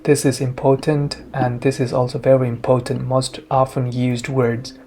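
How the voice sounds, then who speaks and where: A language teacher giving a lesson summary, sounding out each tone slowly and carefully. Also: mid-range voice, little pitch movement, warm tone, slight background noise.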